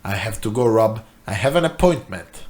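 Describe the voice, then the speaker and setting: A man's voice: fairly low pitch, lively intonation, normal speed, a little mellow, natural voice. A man voicing a smug, all-powerful male corporate boss who talks in a pompous, condescending way.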